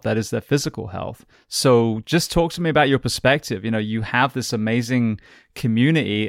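A man's voice: medium pitch, dry recording, clean studio sound. A man hosting a podcast who asks long, wandering questions full of fillers. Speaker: podcast host. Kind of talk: interview question.

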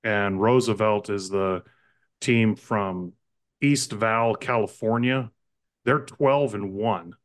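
A man co-hosting a sports podcast, chatting excitedly about high school games and often correcting himself mid-sentence. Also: slow pace. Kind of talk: casual sports talk.

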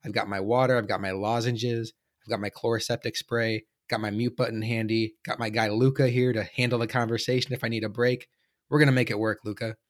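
A man hosting a casual sports podcast, hoarse from a cold with his voice giving out, joking in playful banter. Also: on the low side, flat delivery, fairly quick. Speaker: podcast host. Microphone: home podcast mic.

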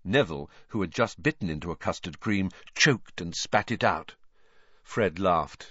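Man reading an audiobook, lively pitch. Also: dry recording. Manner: measured storytelling. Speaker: audiobook reader. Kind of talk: scripted narration. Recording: dry, slightly dull studio recording.

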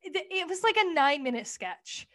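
A young woman with a high voice chats casually on a podcast. She recaps a sketch in an animated, swearing way and acts out the lines. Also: a little fast. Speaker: podcast co-host.

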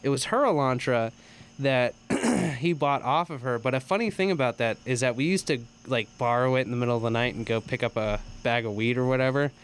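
A young man co-hosting a casual podcast, telling stories with lots of swearing and loud, high bursts of laughter. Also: fairly quick, a little hiss or hum. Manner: profane, animated storytelling with loud high laughs. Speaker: podcast co-host. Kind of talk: casual storytelling chat.

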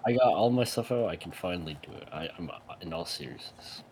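A man's voice: sits low, lively intonation, a little mellow, slight background noise. A young man co-hosting a casual podcast, breaking into laughter often. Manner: slow, laughs a lot. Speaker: podcast co-host.

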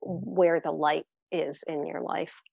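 A woman's voice: sits low, fairly even intonation, slow pace, vocal fry, a little mellow, breathy edge, dry recording, dull audio. Reflective woman on a dry mic. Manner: reflective, encouraging, many fillers. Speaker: podcast guest, entrepreneur. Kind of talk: casual podcast conversation.

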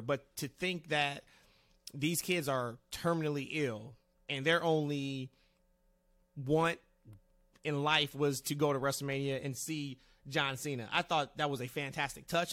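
A man's voice: on the high side, no echo. Upbeat male podcast host, dry sound. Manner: animated, steers the talk to co-hosts. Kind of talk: casual chat.

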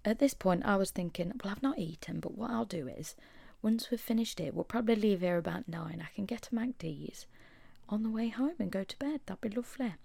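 A woman's voice: medium pitch, lively intonation, brisk, gravelly, hardly any pauses, mellow, no room sound. A young Englishwoman hosting a casual podcast, telling a story, feeling shaky and unwell, with drops into whispers. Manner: chatty storytelling, dips into whispers for quoted asides. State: shaky, unwell after hospital. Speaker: podcast host. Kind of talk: casual solo chat.

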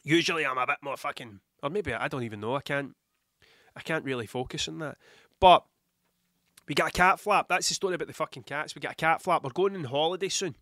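A man's voice: on the high side, quick pace, sharp tone, no room sound, studio quality. A Scottish man with a cold, coughing now and then, talking in a rambling, blunt, heavily sweary monologue. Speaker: podcast host. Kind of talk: casual monologue.

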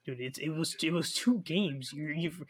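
A man's voice: fairly high pitch, normal speed, fairly bright tone. A young man in a heated casual sports argument, defensive and repeating himself. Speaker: debater.

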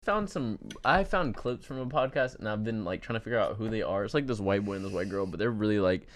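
Fast-talking, lively gossipy man. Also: on the low side. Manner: gossipy, slangy, animated storytelling with laughs. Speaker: podcast co-host. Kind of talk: casual chat.

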